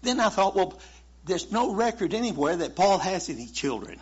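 A man's voice: sits high, big pitch swings, normal speed, slightly rough. A man preaching a sermon in a folksy, conversational way, chuckling now and then. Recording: muffled lo-fi sermon recording.

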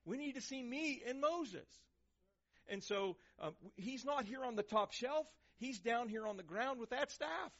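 A man preaching a sermon, swinging between loud emphasis and hushed, quiet lines. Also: extremely high pitch, animated, a little slow. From Texas, USA. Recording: dull lo-fi recording.

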